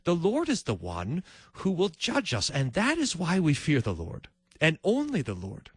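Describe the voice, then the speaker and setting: A male preacher giving a sermon in animated storytelling style, acting out each voice. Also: a little high, measured pace, slightly rough, dry recording.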